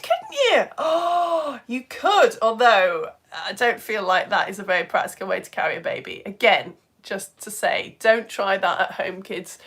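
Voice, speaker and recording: A woman's voice: medium pitch, fairly bright tone. A woman teaching a live online lesson, chatting with viewers, greeting them by name and joking about herself. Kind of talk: live-stream chat with viewers. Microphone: home streaming setup.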